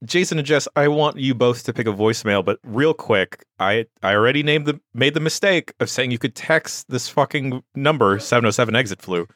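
A man's voice: medium pitch, a little fast, few pauses, fairly bright tone, dry recording, studio quality. A man hosting a comedy podcast, running the segment with loose banter. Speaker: podcast host.

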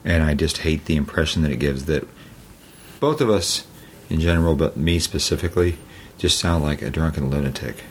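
Tired podcast co-host, very low voice, dry and self-deprecating, faint hiss behind. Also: male voice, normal speed. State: tired, recovering from surgery. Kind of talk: casual podcast chat. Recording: faint background noise.

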